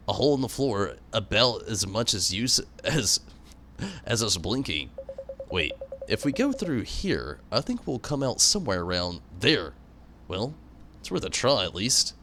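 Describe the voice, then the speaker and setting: A man's voice: on the low side, big pitch swings, a little slow, pushed and bright, slight background noise. A man giving chatty, joking commentary while streaming a video game. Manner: chatty, joking, reads game dialogue aloud. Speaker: gaming streamer. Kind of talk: let's-play commentary. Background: game music.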